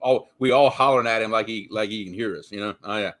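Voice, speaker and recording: A man's voice: fairly low pitch, quick pace, fairly bright tone. Co-host man, casual, emphatic, repeats points to drive them home. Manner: emphatic, repeats himself for stress. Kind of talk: casual chat on a live stream.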